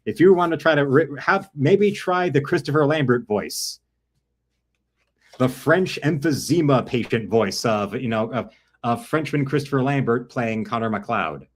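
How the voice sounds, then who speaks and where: A man's voice: mid-range voice, moderate pace. A man talking in a rambling, self-correcting way while commenting on films and actors.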